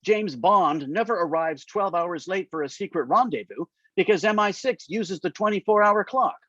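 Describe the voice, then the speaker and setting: Earnest, nervous young male aide, read by a man, lively high voice, dry close sound. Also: normal speed, no room sound, lo-fi sound, exaggerated voice. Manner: eager, self-conscious. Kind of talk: reading aloud from a novel.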